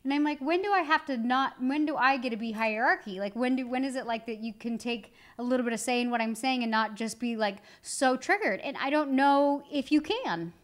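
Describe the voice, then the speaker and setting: A woman's voice: high voice, brisk, few pauses. Chatty woman telling a story. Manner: chatty storytelling with many "like" fillers. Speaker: co-host, wife of the other host. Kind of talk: candid married-couple podcast chat.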